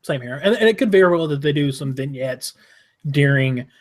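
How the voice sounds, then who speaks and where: A man with a fairly high voice, co-hosting a wrestling podcast. He talks bluntly and swears often as he gives his predictions in a loose, casual way. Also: lively intonation, fairly quick. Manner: blunt and opinionated, swears freely. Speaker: podcast co-host.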